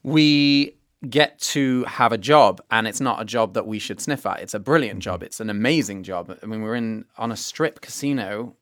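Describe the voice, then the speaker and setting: Young british performer guest, chatty and self-deprecating, close dry sound. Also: male voice, on the low side, normal speed, few pauses, a bit bright, dry recording. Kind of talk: casual interview chat.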